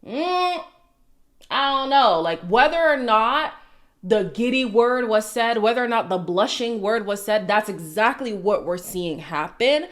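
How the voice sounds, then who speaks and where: A woman hosting a reality TV recap video in casual commentary, opinionated and sassy, who repeats her lines for emphasis. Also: medium pitch.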